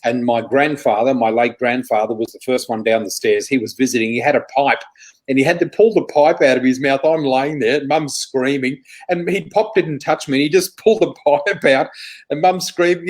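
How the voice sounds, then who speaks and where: A man's voice: medium pitch, normal speed, low-quality recording. Middle-aged Australian man, chatty interview guest who tells long stories and corrects himself. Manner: chatty, self-correcting, acts out quotes. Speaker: guest psychic. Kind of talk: anecdotal interview storytelling.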